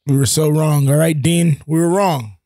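A young man co-hosting a casual sports podcast, teasing his partner and quick to push back. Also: fairly high pitch, steady tone, warm tone, no echo. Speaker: podcast co-host.

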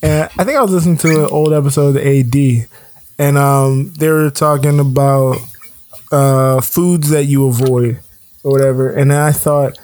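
A man's voice: mid-range voice, steady tone, moderate pace, a little mellow, no room sound. A man co-hosting a casual podcast chat, rambling with lots of fillers and frequent laughter. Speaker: podcast co-host.

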